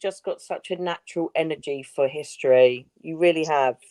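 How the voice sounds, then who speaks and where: A woman's voice: low-pitched, normal speed, no room sound. Chatty woman on a live stream, dry close sound. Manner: chatty, warm about friends, swears casually. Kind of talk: casual chat.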